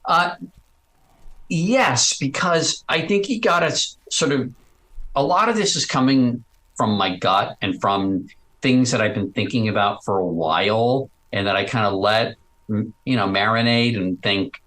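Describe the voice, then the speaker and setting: A man being interviewed about his podcast, talking in a chatty, animated way with frequent restarts. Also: medium pitch, a little slow, poor audio. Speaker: podcast host as guest. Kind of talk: casual interview chat.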